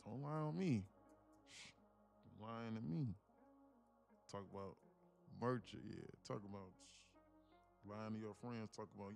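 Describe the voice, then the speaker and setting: A man's voice: lowish voice, slow pace, gravelly, pauses often, a little mellow, faint music behind. A man live-streaming his day trading, chatting casually and joking while reading viewers' comments. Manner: joking, reads chat aloud, puts on slang voices.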